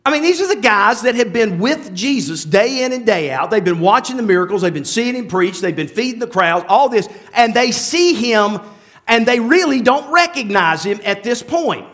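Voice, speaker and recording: High-voiced, lively male preacher. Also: normal speed. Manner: conversational preaching with many asides and restarts; asks the listeners rhetorical questions. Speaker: pastor. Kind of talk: sermon.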